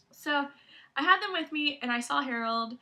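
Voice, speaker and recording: Bright, high young woman gushing. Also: unhurried. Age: young adult. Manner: excitable storytelling, giggly. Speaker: podcast co-host. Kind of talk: casual chat.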